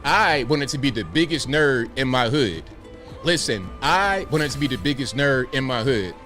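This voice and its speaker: A man's voice: medium pitch, lively intonation, normal speed, fairly bright tone. A man in his forties from Virginia, hosting a livestream, telling stories and asking rhetorical questions in a wry, repetitive way. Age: 40s. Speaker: livestream host. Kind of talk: casual chat with a stream chat. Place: home room with bookshelves. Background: game music.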